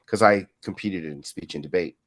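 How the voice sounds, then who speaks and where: Man, fifties, low voice, martial arts instructor, casual interview storytelling, rambling, tag questions. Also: normal speed, a bit bright. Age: 50s.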